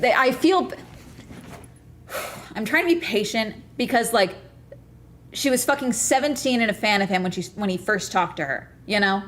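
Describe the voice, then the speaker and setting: A woman's voice: mid-range voice, normal speed, long pauses, a bit bright. A woman in her late twenties, a streamer reacting to messages, who talks bluntly, swears a lot and sounds exasperated. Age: 20s. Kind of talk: casual reaction commentary.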